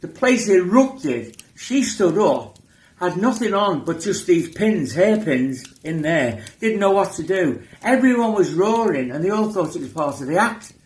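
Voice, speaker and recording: A man tells a tour anecdote in an animated way, leaping into high-pitched impressions. His voice rises and falls a great deal. The room around him carries a clear echo. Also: a little slow. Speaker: band member telling a tour story. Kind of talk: anecdote telling. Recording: roomy echo.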